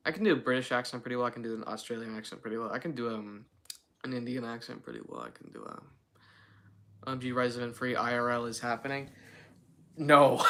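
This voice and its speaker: Bright-voiced young man rambling on a livestream. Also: mid-range voice. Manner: rambling, filler-heavy, self-mocking. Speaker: livestream host. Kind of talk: casual livestream chat.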